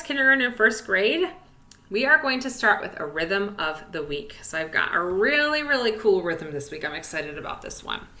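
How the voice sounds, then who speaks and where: A woman teaches a music lesson on video for young children, cheerful and encouraging. Her pitch swings widely, her tone is bright, and the room echoes. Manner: cheerful, encouraging, sing-song with whispered rests.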